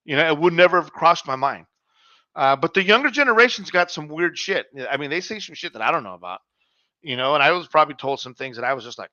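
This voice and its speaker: Middle-aged man, podcast co-host, casual chat, slightly high bright voice, dry dull recording. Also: lively intonation, fast, no room sound. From Mexican heritage. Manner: laid-back storyteller, swears freely, says "man" and "dog".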